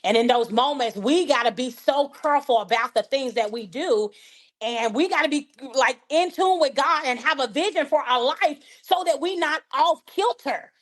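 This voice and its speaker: High-pitched and moderately paced, this is a woman guesting on a podcast. As a life coach, she shares faith-based stories conversationally, bringing them to life by animatedly voicing the people involved.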